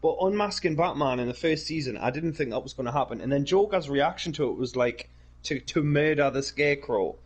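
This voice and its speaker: Co-host, male, husky, slightly high voice, enthusiastic, laughs often. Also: animated, brisk. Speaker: podcast co-host. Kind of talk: casual chat.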